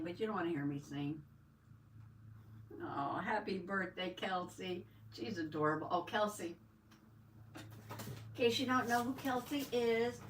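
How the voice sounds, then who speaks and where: An older woman hosting a casual crafting livestream, chatting warmly and greeting viewers by name as she reads the chat. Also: mid-range voice. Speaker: livestream host. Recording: roomy, distant mic, faint background noise.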